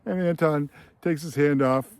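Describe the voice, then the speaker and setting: A man's voice: fairly high pitch, normal speed, a little mellow, clear, resonant tone. A man hosting a screenwriting channel, telling a film scene in casual commentary with an enthusiastic, filler-heavy storytelling manner.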